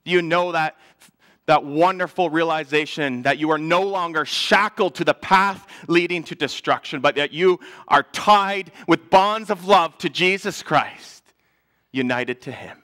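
A man, a pastor, preaching a sermon in a church, earnest, building up louder and then falling to a hush. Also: a little high, unhurried.

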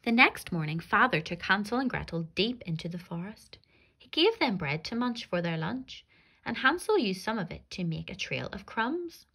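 A woman, a primary school teacher, reading a rhyming fairy tale aloud to young children in an expressive, sing-song way. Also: mid-range voice, normal speed, breathy edge.

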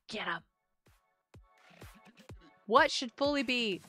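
A woman live-streaming a game in a high, bright, clear voice that jumps all over the place. She chats casually and reads messages from the chat aloud, breaking into excitable outbursts. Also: slow pace, no echo, faint music behind.

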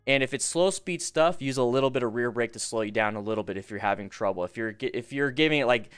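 A man's voice: medium pitch, fast talker, clean tone. A man hosting a casual live stream, reading viewer questions, reacting to motorcycle clips and giving riding advice in a chatty, upbeat way. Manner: upbeat, hypes the chat for likes. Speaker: live-stream host reviewing motorcycle videos.

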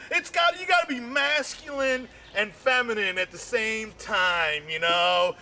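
In a rambling stand-up routine, a man repeats himself and leans heavily on "you know," his voice leaping higher whenever excitement hits. He keeps a measured pace with few pauses over soft background music.

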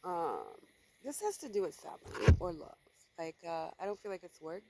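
A woman's voice: lowish voice, big pitch swings, moderate pace, a little mellow, slight background noise, poor audio. A woman giving a casual tarot reading for viewers, blunt and emphatic, swearing freely and repeating herself for stress. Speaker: tarot reader.

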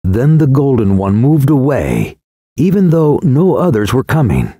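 Slow, solemn male audiobook narrator. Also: mid-range voice, breathy edge, no echo, studio quality. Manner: slow, solemn, expressive reading. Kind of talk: scripted first-person narration.

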